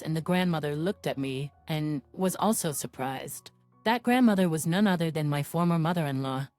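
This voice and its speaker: A woman narrating a first-person story in an even, measured scripted reading. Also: sits low, no echo.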